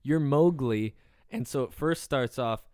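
Smooth-voiced man arguing his point. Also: medium pitch, measured pace, darkish tone, no room sound, clean studio sound. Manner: argumentative, pushes back and explains. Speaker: podcast co-host. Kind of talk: casual chat.

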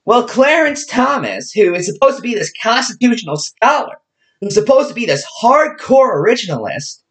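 A young adult commentator in a sarcastic, ranting monologue. The pitch swings widely from low mutters to sudden high jumps, and the delivery stays mocking throughout. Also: big pitch swings, normal speed, breathy edge, low-quality recording. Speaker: political commentator.

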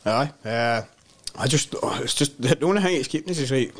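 A man with a Scottish accent, a podcast guest chatting casually and telling animated, sweary stories. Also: mid-range voice, a little fast. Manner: swears freely, animated storytelling. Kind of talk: casual chat.

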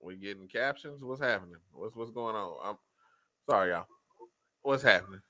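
A man's voice: fairly low pitch, expressive, moderate pace, bright, forceful tone, no room sound. A man co-hosting a livestreamed podcast, bantering loosely with profanity and greeting viewers by name. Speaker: podcast co-host.

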